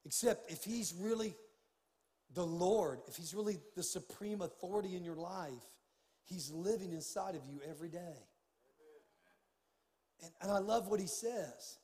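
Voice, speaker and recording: High-voiced pastor preaching in a reverberant hall. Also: male voice, animated, measured pace, pauses often, darkish tone. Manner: preaching with rising fervor, casual folksy asides. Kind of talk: sermon. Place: large church sanctuary.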